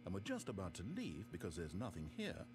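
A man's voice: sits low, huge pitch swings, brisk. A man voicing a dry, sardonic narrator in a game, with wry, theatrical, exasperated asides. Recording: game audio with music behind.

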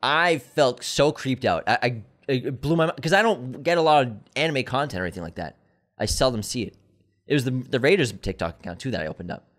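A man co-hosting a movie podcast in casual, joking banter. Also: medium pitch. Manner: joking, quick and lively. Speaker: podcast co-host. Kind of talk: casual chat.

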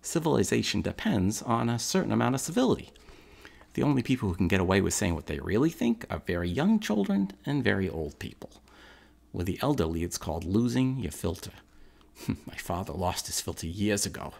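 Blunt Brooklyn man, played by an actor in a stage monologue; low-pitched and gravelly, chatty and direct. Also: sing-song, fairly quick, darkish tone, full character voice. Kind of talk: theatrical monologue to the audience.

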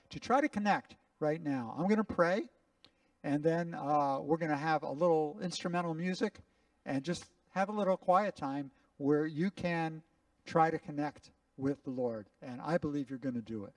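A rabbi leads his congregation in prayer, his voice sitting a little high for a man. He speaks earnestly, pausing for the room to repeat after him. The recording is dry and picked up from some distance from the mic. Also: a little mellow, no room sound. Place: congregation sanctuary.

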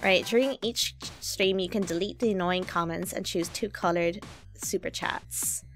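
A woman's voice: on the low side, normal speed, a bit bright, faint music behind. A young adult woman streaming live, casually reacting to a game with frequent swearing.

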